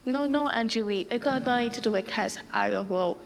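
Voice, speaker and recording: A woman's voice: on the high side, normal speed, creaky. A firm, principled mother. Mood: earnest. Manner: firm, earnest. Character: determined Indian mother, principled adult woman. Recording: hall reverb, faint ambience.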